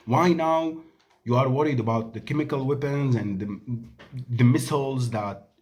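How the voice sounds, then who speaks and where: In an angry, emphatic monologue to camera full of rhetorical questions, a native Arabic-speaking Syrian vlogger in his thirties talks at normal speed. His voice is mid-range and a little mellow.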